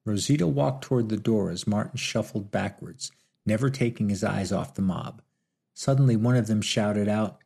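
Brief: male audiobook narrator, low pitch, husky tone. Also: moderate pace. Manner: steady, storytelling.

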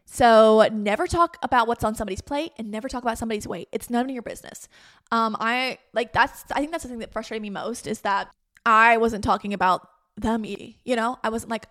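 A woman's voice: a little high, no room sound, studio quality. A young woman, a podcast host candidly telling a personal story in a chatty way, often saying "like". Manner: chatty, frequent "like", quotes herself and others in lively voices.

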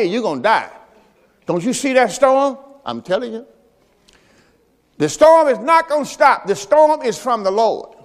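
Animated preacher man in a reverberant church. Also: sits high. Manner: animated storytelling, acting out Bible characters, shouting peaks. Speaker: pastor. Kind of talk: sermon. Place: church service.

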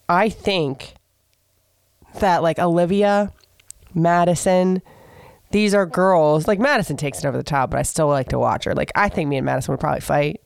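A young woman with a Southern US accent hosting a casual solo podcast rant, hoarse and stuffy from a cold, blunt and gossipy with lots of fillers. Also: deep voice, no room sound, studio quality. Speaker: podcast host.

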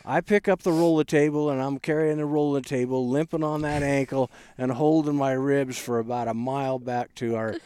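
Halting man telling a rough story. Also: fairly even intonation, dark tone, no echo. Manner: halting, many restarts and fillers, low-key. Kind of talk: casual storytelling chat.

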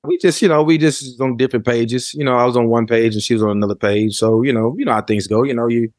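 Fast-talking man. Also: mid-range voice, darkish tone, no echo, clean studio sound. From Memphis, Tennessee, USA. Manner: laid-back storytelling, frequent "you know what I'm saying". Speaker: rapper and producer, interview guest. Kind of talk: casual interview conversation.

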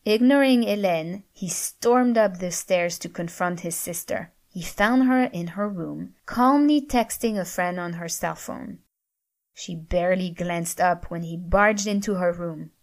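A woman narrating a story aloud in an even, measured reading style. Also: lowish voice. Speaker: audiobook narrator.

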